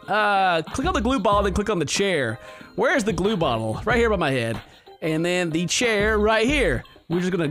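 A man giving comedic, sarcastic commentary while playing a game, laughing often. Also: sits high. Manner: animated and jokey, laughing often, sarcastic asides. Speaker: let's play gamer.

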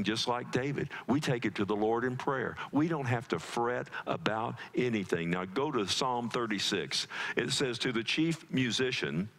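Pastor, male, lowish voice; earnest, pleading sermon delivery with frequent repeats. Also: fairly bright tone. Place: church service.

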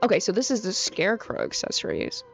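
A young woman giving excitable, slang-heavy commentary on a game update, holding a handheld mic that peaks. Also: medium pitch, quick pace, gravelly. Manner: excitable, chatty, full of slang and fillers. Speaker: gaming YouTuber. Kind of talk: casual gameplay commentary. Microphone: handheld mic, peaking and overdriven. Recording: dull lo-fi mic with faint music.

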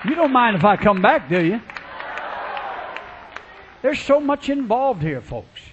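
Fervent high-voiced shouting preacher. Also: male voice, sing-song, measured pace, lo-fi sound, a crowd in the background, noisy background. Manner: fervent, swings from low storytelling to shouting; acts out people in his stories. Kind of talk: revival sermon.

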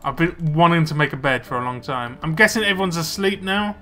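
Young guy chatting over his game, kinda high bright voice, mumbly asides. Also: brisk, faint music behind. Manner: chatty, muttering to himself while playing. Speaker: let's play gamer. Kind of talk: casual gameplay commentary.

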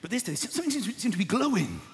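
A man in his thirties doing a stand-up comedy routine, acting out voices with big shouts and gasps. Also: high-pitched, huge pitch swings, quick pace, gravelly. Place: large theatre stage before a live audience. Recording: echoey theatre with long reverb and crowd noise.

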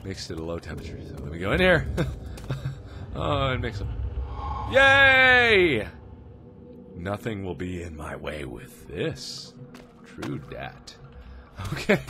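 A man's voice: deep voice, big pitch swings, normal speed, vocal fry. Jumpy, screaming man playing a horror game. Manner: jumpy, screams and shouts at scares, giggles a lot; chatty self-talk, mutters and whispers between scares. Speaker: gaming video host. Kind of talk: horror game let's play commentary. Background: game music.

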